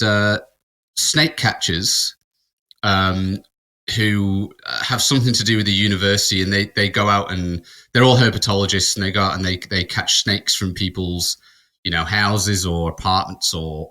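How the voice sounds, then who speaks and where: A man co-hosting a podcast, spinning a loose, rambling anecdote full of restarts. His voice sits fairly low, with a bright, forceful edge. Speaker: podcast co-host. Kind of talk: casual storytelling.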